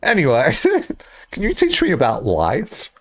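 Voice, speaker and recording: Animated, self-mocking young male streamer. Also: a little slow. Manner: rambling and self-mocking, with sudden high squeals when acting out his own lines. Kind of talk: casual stream chat.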